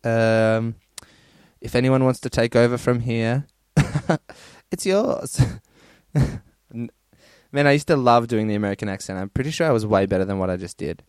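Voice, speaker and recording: A man's voice: medium pitch, normal speed, darkish tone, clear, resonant tone, no room sound, studio quality. A man hosting a podcast, casually reading listener stories in a crude, rambling way and laughing often. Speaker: podcast host.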